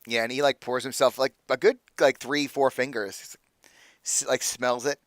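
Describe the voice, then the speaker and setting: A man's voice: mid-range voice, fairly even intonation, moderate pace, a bit bright, no room sound, studio quality. A man running a tabletop game as game master, narrating loosely with lots of fillers.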